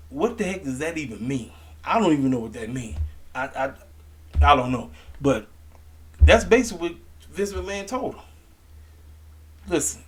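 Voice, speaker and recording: A man giving casual, emphatic wrestling commentary to camera, talking in a slangy, animated way. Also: on the high side. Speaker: wrestling review vlogger.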